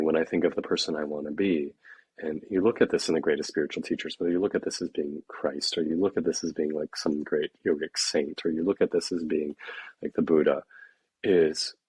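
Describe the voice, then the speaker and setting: A man's voice: extremely low pitch, darkish tone, breathy edge, no room sound, rough recording. A man talking earnestly and candidly in a reflective spiritual conversation, now and then swearing frankly.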